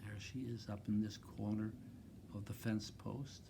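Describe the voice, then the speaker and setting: A man reading a picture book aloud to second graders, expressive and talking to the children directly about the pictures. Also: fairly low pitch, measured pace, vocal fry, background noise. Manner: expressive, makes loud animal noises.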